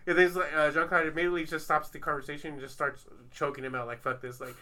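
A man's voice: a little high, little pitch movement, quick pace, bright, forceful tone. A man hosting a podcast, telling a long rambling story in casual chat with lots of fillers. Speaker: podcast host.

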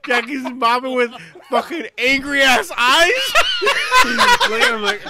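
A former Marine telling profane barracks stories in casual chat, laughing often. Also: male voice, very high voice, lively intonation, slow pace, creaky, heavy background noise.

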